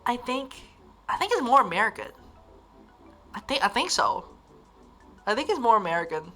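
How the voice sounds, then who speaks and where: A young Northern Irish woman chats on a livestream, rambling and giggling as she restarts her sentences. Her voice sits a little high and comes across bright and crisp, with a very animated rise and fall. Faint music runs quietly in the background. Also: moderate pace. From Northern Ireland. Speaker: livestream host. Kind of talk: casual chat reading viewer comments.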